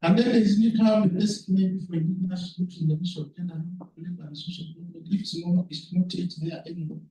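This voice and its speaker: A man giving a conference presentation, talking in a halting, earnest way and repeating words as he goes. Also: sits high, level tone, dark tone. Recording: echoey room, speaker far from mic.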